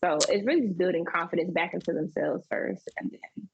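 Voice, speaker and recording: A woman's voice: on the low side, brisk, creaky, husky, lo-fi sound. A woman guest on a casual podcast, talking animatedly, often laughing and restarting her sentences. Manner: animated, laughs often, repeats words when starting sentences.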